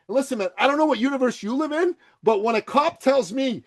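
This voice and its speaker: A man born in Iran, speaking without an accent as a podcast guest, blunt and forceful, swearing freely and swinging between loud outbursts and quiet remarks. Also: very high-pitched, expressive, fairly quick, hardly any pauses. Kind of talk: forceful opinionated interview talk.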